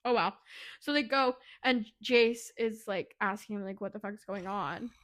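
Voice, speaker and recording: A woman co-hosting a podcast, retelling a book plot fast and animatedly, with swearing. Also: mid-range voice, fairly bright tone. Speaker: podcast co-host. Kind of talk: casual book recap.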